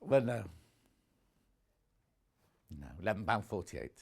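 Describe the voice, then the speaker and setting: Male home-shopping presenter: chatty, effusive, animated delivery. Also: lowish voice, slow pace, vocal fry, breathy edge. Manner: chatty, gushing, self-correcting. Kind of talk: live TV sales pitch.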